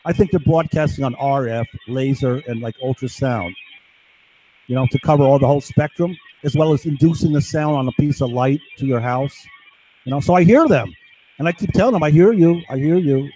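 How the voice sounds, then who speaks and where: Husky-voiced man ranting on a stream. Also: mid-range voice, a little fast, warm tone, poor audio. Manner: agitated, profane, keeps asking "right?". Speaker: live streamer. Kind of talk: rambling monologue.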